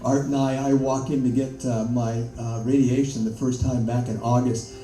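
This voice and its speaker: A man's voice: medium pitch, little pitch movement, dark tone, soft background music. Older guy telling his story, lots of ums and laughs, echoey room, mic kinda far. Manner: halting, with many fillers and laughs. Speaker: interview guest. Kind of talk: conversational storytelling.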